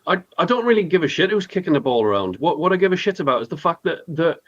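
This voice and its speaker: A man's voice: fairly high pitch, sing-song, quick pace, fairly bright tone, no echo. A male guest in casual talk-show chat, blunt and ranting with swearing. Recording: dull lo-fi line.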